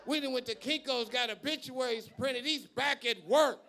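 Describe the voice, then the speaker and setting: A male stand-up comedian performing live on a club stage, brash and profane, shouting his punchlines. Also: very high voice, normal speed, creaky.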